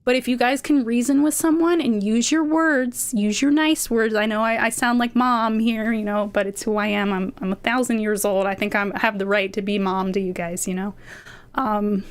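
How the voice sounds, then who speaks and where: Passionate, slightly high-voiced woman streamer. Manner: passionate, can sound indignant; rambling, many fillers. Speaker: VTuber streamer. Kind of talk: casual livestream chat.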